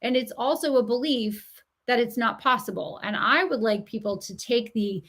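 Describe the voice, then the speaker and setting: Animated, higher-voiced middle-aged woman. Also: normal speed, few pauses. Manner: animated storyteller who acts out quoted voices and laughs often; emphatic, encouraging. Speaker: author and writing coach, podcast guest. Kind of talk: conversational podcast interview.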